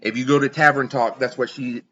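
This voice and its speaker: A man's voice: medium pitch, fairly even intonation, brisk, bright, forceful tone, lo-fi sound. A man narrating as game master of a tabletop game, talking loosely and casually.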